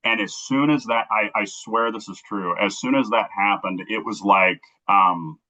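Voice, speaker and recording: A man from Kansas City telling an emotional personal story as a guest, earnest and halting, acting out the dialogue he quotes. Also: on the low side, pushed and bright. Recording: dull lo-fi recording.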